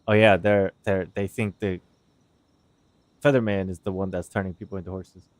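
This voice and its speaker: A man's voice: low-pitched, flat delivery, moderate pace, no room sound. A man, a game streamer rambling animatedly in casual chat, laughing often. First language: Korean.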